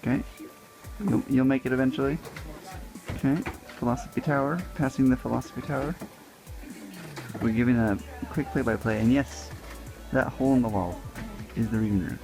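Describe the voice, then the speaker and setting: A man's voice: medium pitch, steady tone, brisk, vocal fry, pauses often. Dry-joking young man vlogging over music. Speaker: travel vlogger. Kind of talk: casual travel vlog chat. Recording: music under the voice.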